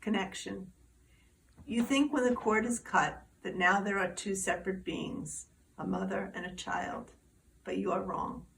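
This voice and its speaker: A woman reading her poem aloud in a slow, deliberate way. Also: medium pitch, steady tone, vocal fry, fairly bright tone. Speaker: poetry reader. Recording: distant mic, faint background noise.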